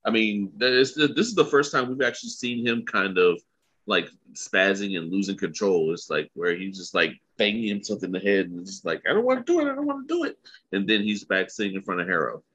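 A man's voice: low-pitched, brisk, a bit bright, breathy edge. A man co-hosting a podcast, talking loosely and casually about an episode, swearing now and then. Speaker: podcast co-host. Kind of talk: casual episode recap chat.

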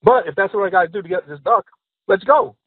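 A frustrated hunter from the city who pleads and argues, as a man puts him on. He talks fast, with a slightly raised pitch. It comes over a narrow phone line. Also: animated, breathy edge, dry recording. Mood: exasperated. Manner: pleading and exasperated.

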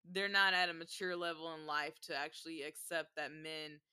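A woman's voice: low voice, steady tone, moderate pace, sharp tone, clean tone. A young woman in a casual couple's debate, pressing her partner with pointed questions.

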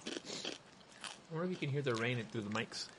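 A man's voice: mid-range voice, animated, a little fast, noisy background. A man co-hosting a podcast, cutting in with dry jokes and short remarks in casual chat. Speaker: podcast co-host.

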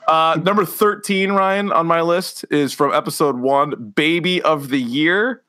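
A man's voice: a little high, a little slow, sharp tone. A man co-hosting a casual podcast, animatedly retelling comedy sketches with frequent laughter. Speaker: podcast co-host. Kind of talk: casual chat.

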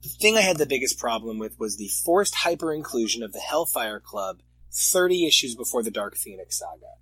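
A man in casual chat about comics, animated and often exasperated as he reviews the stories. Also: mid-range voice, fairly quick, slightly rough, no echo, poor audio. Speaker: comic podcast co-host.

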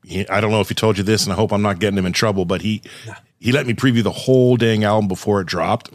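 A man from Southern California, a radio host chatting in a relaxed interview. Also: lowish voice, quick pace, no echo, clean studio sound. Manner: relaxed, chatty, uses bro and dude. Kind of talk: casual interview chat.

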